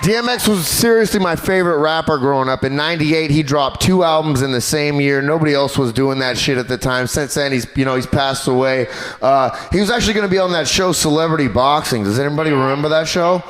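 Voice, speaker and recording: A man doing a stand-up comedy set on a club stage, animated and crude in his delivery. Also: fairly high pitch, quick pace. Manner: animated, crude, jumps into character voices.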